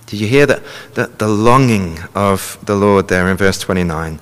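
A man's voice: fairly low pitch, moderate pace, a bit bright, smooth, in a large hall. A man preaching a sermon, earnestly explaining and reading scripture passages aloud to a congregation.

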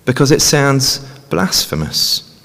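A man's voice: mid-range voice, sing-song, takes it slowly, creaky, a bit bright. A man preaching a sermon in a conversational way, often ending points with tag questions. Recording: long reverb of a large hall.

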